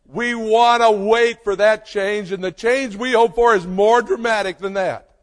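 A man preaching a sermon as a pastor, slow and emphatic, with dramatic pauses. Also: high voice, a bit bright. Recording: long reverb of a hall.

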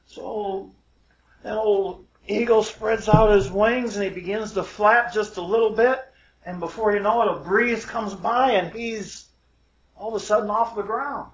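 Slow folksy male storyteller. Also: high voice, steady tone. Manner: folksy, digressive, self-amused asides. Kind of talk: folksy told fable. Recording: roomy, dull lo-fi recording.

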